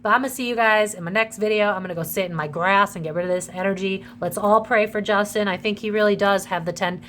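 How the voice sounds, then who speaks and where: A woman's voice: mid-range voice, fast, fairly bright tone, slight background noise. A woman doing a casual psychic tarot reading to her viewers, chatty and emotional, swearing freely.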